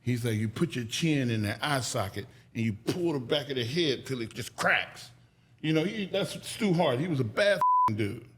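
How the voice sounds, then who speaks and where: Medium-pitched and moderately paced, with slight background noise, a man recounts stories as a guest in a podcast interview. His casual, profane delivery turns animated as he voices quoted people loudly.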